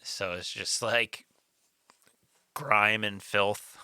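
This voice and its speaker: Laughing low-voiced podcast host. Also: male voice, steady tone, sharp tone, smooth, dry recording. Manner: laughs often while retelling, fast ad reads. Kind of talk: casual podcast chat with ad read.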